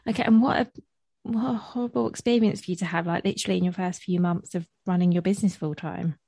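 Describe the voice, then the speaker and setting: A woman's voice: lowish voice, steady tone, fast talker, creaky, dark tone. A woman hosting a podcast interview who asks questions and gives short, sympathetic reactions. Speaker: podcast host.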